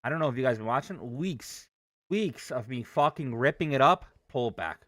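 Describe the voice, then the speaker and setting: A man's voice: mid-range voice, expressive, moderate pace, dry recording, studio quality. A man livestreaming his day trading, ranting with heavy profanity. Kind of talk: live trading stream commentary.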